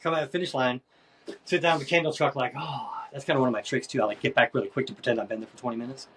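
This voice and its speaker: A man as a podcast guest, telling a story in a casual, animated way and acting out other people's voices. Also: mid-range voice, rapid-fire, slight background noise. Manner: animated, acts out voices in his stories.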